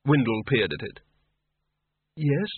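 A male audiobook narrator telling a comic fantasy story in an even, dry manner. His voice is husky, and the recording is dry and thin, like a phone line. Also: mid-range voice, fairly quick, dry recording.

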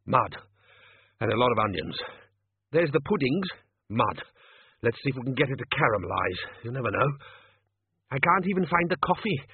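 A man's voice: mid-range voice, big pitch swings, slightly rough, no room sound, heavily acted. A man voicing a scheming restaurant manager who barks orders at his kitchen staff, on a tinny, phone-like recording. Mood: bossy. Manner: bossy, quick and commanding. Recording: tinny phone-like dry audio.

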